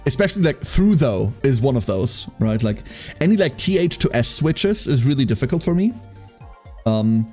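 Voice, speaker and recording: A German man with a light German accent talks casually on his live stream, reading and answering chat. His voice jumps around a lot in pitch, and he laughs often and repeats phrases for effect. Faint music plays under his voice. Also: sing-song, normal speed, mellow.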